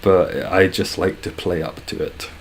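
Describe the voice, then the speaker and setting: A young Scottish man with a low voice chats casually through a game stream. He jokes in a dry, teasing way and swears often. Faint noise sits behind him. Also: flat delivery, a little slow. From Scotland.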